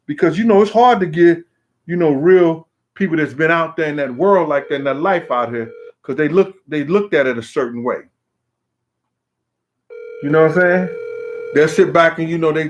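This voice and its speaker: A man's voice: fairly high pitch, normal speed. A man hosting a casual call-in talk show, rambling in a streetwise way and often asking "you know what I'm saying". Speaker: show host. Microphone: phone call on air.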